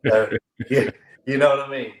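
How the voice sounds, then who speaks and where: A man from the United Kingdom, an actor, telling anecdotes in an interview with lively delivery and frequent laughter. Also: medium pitch, normal speed. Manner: lively storyteller, laughs often, acts out other voices. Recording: roomy echo.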